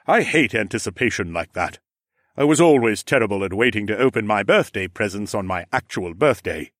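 A man voicing a big, impatient but friendly ram lord in an audiobook, talking in a gruff, blustery way. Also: lowish voice, expressive, brisk, no echo, clean studio sound, lightly acted.

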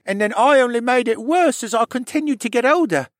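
A man's voice: very high voice, animated, fairly quick, no echo, studio quality, pitched above the performer's own voice. A man voicing a troubled young man who strains through a painful confession about his childhood. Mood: pained, confessional. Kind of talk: audiobook character voice.

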